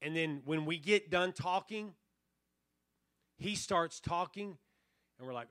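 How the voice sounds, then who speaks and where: Bright-voiced man preaching a revival sermon. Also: fairly high pitch, takes it slowly, pauses often, no echo, studio quality. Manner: earnest preaching, drops to near-hush then swells on key phrases. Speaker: pastor. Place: church revival service.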